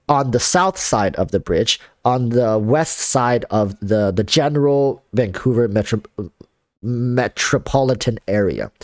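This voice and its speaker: A man's voice: medium pitch, no room sound, studio quality. A man chatting casually on a livestream, rambling with lots of fillers and restarts, reading viewer comments. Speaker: streamer.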